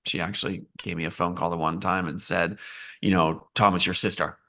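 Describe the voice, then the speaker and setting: A man's voice: deep voice, level tone, brisk, vocal fry, a bit bright. A man being interviewed as a screenwriter, talking in a meandering way, often restarting and repeating phrases. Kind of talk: live interview, casual talk.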